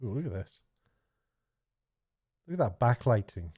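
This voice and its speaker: Middle-aged male vlogger, mid pitch, rambling self-deprecating chatter, muffled lo-fi recording. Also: sing-song, unhurried, slightly rough. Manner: chatty, self-mocking, stumbling restarts. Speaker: YouTuber and TV director. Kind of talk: rambling late-night vlog. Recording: dull lo-fi sound.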